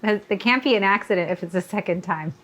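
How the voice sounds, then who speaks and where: A woman's voice: mid-range voice, fairly quick, a bit bright, slight background noise. A playful, teasing woman chatting casually with her husband while he cooks in a home kitchen. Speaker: host's wife. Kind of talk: casual chat while cooking.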